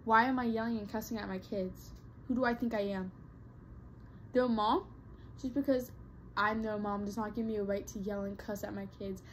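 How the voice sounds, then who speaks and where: A woman's voice: mid-range voice, fairly even intonation, moderate pace, a little hiss or hum, poor audio. A young adult woman vlogging casual advice straight to her viewers, earnest and emphatic, often repeating herself for weight. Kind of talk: casual advice talk to camera.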